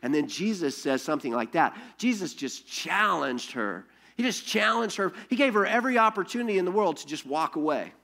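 Man, pastor, sermon, animated storytelling, rhetorical questions, slightly high voice. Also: fairly quick, vocal fry, few pauses.

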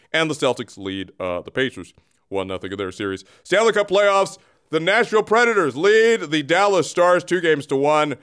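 A man's voice: a little high, fairly bright tone, clean tone. A man co-hosting a comedy show, reading out sports scores in a joking, rambling way. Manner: joking, rambling, self-interrupting. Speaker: sports news co-host. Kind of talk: casual comedic sports rundown.

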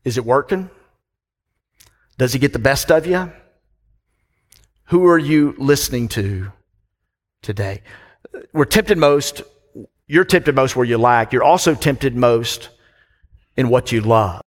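Pastor preaching in a long-echoing hall. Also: male voice, medium pitch, slow pace, pauses often. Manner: conversational, asks the congregation questions. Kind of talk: sermon.

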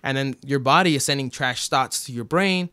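A man's voice: medium pitch, normal speed, pushed and bright, clean tone, dry recording. A young man telling a story in casual chat, rambling with lots of fillers and swearing. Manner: rambling, many fillers like "bro" and "like", swears freely. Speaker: podcast guest telling his story.

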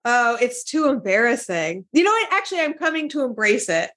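A woman's voice: fairly high pitch, sing-song, a little fast, a bit bright. A woman comedian, a guest on a podcast, talking casually in a wry, self-mocking way. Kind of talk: casual interview chat.

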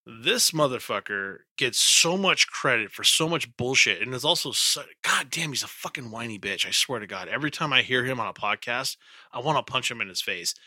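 Man, podcast co-host, blunt and profane, sharp bright timbre. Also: mid-range voice, expressive, fairly quick, no room sound. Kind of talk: casual wrestling podcast chat.

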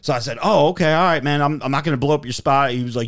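A man's voice: fairly high pitch, fast talker, gravelly. A man hosting a podcast, telling a story casually with lots of swearing and acted-out dialogue. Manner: profane, animated storyteller acting out dialogue. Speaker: podcast host.

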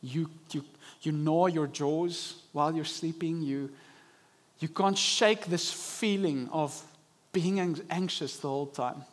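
High-voiced young male preacher. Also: slow pace. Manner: animated preaching, acting out inner voices. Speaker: pastor. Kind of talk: sermon. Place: church service.

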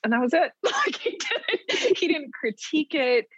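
A middle-aged woman from New Mexico, a writer, telling her story in an interview with many pauses and light laughs. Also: sits high, sing-song, fairly bright tone, no room sound. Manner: thoughtful, many ums and restarts, laughs lightly. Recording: dull lo-fi close recording.

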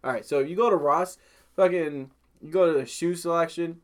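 A man's voice: a little high, a little fast. A young man co-hosting a casual podcast, rambling and swearing as he talks. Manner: rambling, swears, laughs often. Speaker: podcast co-host.

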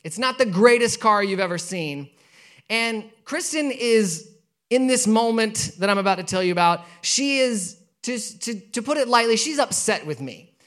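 A pastor in his thirties with a notably high voice for a man preaches to his congregation. He moves between relaxed storytelling and emphatic, repeated points. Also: normal speed. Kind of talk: sermon with personal story.

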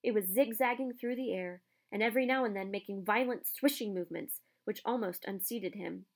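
A woman narrating a storybook aloud with an expressive reading. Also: mid-range voice, brisk.

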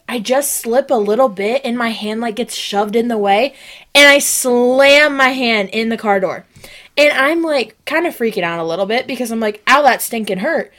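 A young woman co-hosting a comedy podcast, telling a story in a casual, animated way and acting out the voices of the people in it. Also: a little high. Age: young adult. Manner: animated, acts out quoted voices. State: sick, sniffing and coughing. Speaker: podcast co-host.

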